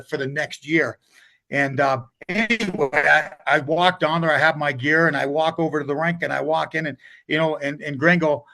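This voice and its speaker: An older man tells hockey stories in a loose, rambling way, starting over and wandering off track. His voice has a gravelly rasp and sits a little high for a man. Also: pushed and bright. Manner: rambling, many restarts, drifts off track. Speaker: guest hockey coach. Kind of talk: casual storytelling interview.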